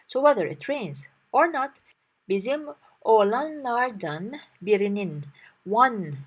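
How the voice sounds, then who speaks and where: A woman's voice: fairly high pitch, animated, slow pace, husky. A young woman teacher patiently explaining a story word by word in a language lesson.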